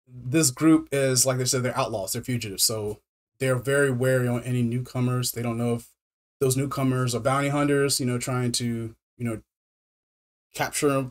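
Stammering man recapping a film casually. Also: mid-range voice. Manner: stammering repetitions with many fillers. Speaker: film reviewer.

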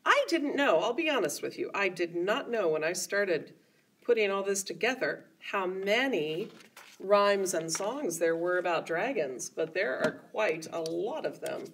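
Woman, children's storytime host, sing-song rhymes, slow unhurried pace, slightly distant mic. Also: mid-range voice, lively intonation, fairly bright tone, breathy edge. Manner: sing-song, coaxing questions to young children. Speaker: children's librarian.

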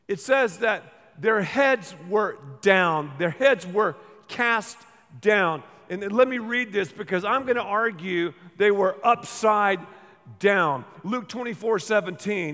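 A man's voice: sits high, in a large hall. A man preaching a sermon while painting live, talking with humor and acting out the people in the story. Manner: animated, acts out quoted voices with humor. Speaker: pastor.

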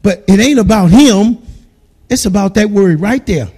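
A man preaching a sermon as pastor, calling out to the congregation and swinging between quiet storytelling and shouting. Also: sits high, lively intonation, moderate pace, slightly rough.

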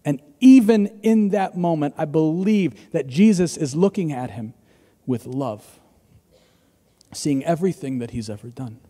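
Male pastor, thirties, dynamic preaching from loud to hushed, in a reverberant church hall. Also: a little high, lively intonation, a little slow. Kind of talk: sermon.

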